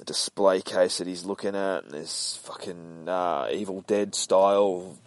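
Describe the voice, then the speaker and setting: Man, very low voice, dry close sound, casual comic read-along, rambling, sweary. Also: fairly even intonation, measured pace, dry recording. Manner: rambling, sweary, laughs often. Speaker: comic book podcast host.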